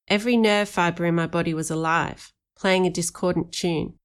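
A woman reads an audiobook aloud with lively storytelling. Her voice sits on the lower side for a woman, steady and clear in delivery. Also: normal speed. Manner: lively storytelling, animated for dialogue. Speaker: audiobook narrator. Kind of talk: audiobook narration.

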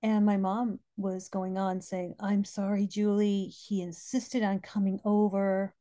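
A woman's voice: medium pitch, flat delivery, measured pace, dark tone. A middle-aged woman hosting a podcast, telling heartfelt personal stories and quoting spiritual texts. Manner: heartfelt storytelling, quoting scripture. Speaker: podcast host.

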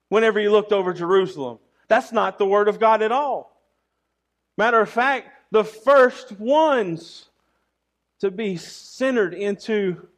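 A young adult male pastor preaching a sermon earnestly, often repeating words and asking the congregation rhetorical questions. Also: high voice.

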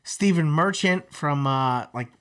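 A man's voice: fairly high pitch, takes it slowly. A man co-hosting a podcast, chatting casually with a rambling, profane manner full of fillers and restarts. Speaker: podcast co-host. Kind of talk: casual chat.

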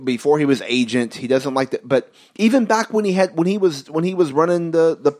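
A man co-hosting a casual podcast chat, telling stories with big swoops of pitch. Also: brisk. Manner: animated storytelling with swoops of pitch. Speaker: podcast co-host.

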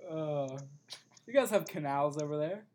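A man's voice: fairly high pitch, lively intonation, measured pace, noisy background. A young man with a Buffalo, New York accent, co-hosting a podcast in casual chat, hesitant with frequent restarts and easy laughter. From Buffalo, New York area. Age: young adult. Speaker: podcast co-host.

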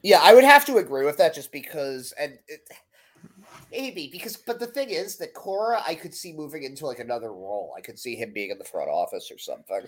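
A man hosting a casual sports podcast, talking in an animated, rambling way. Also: on the high side, brisk. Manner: animated, rambling, self-deprecating. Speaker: podcast host.

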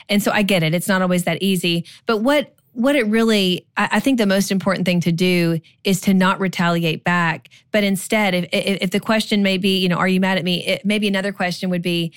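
A woman's voice: on the low side, fast, few pauses, clear, resonant tone, no room sound, studio quality. A woman in her forties co-hosting a podcast, giving casual marriage advice in a chatty way, full of "like" and "you know". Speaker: podcast co-host.

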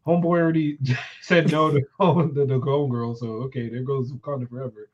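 A man's voice: mid-range voice, flat delivery, fairly quick, lo-fi sound. A man co-hosting a casual chat show, joking and laughing often, with a loose, profane way of talking. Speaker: podcast co-host.

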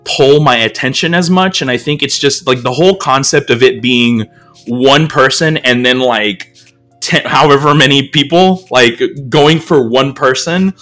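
A man's voice: mid-range voice, unhurried, fairly bright tone, soft background music. An American man hosting a podcast, talking casually in a rambling, filler-heavy, self-deprecating way. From United States. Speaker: podcast host.

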